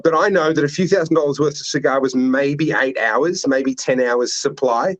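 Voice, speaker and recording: A man's voice: medium pitch, normal speed, lo-fi sound. A man hosting a casual chat, teasing and sarcastic. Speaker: host.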